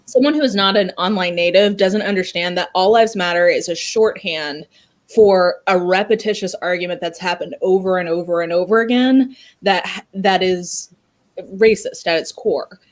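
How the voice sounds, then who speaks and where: A woman on a video call in a casual book club discussion, animated and critical as she thinks aloud. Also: lowish voice, moderate pace.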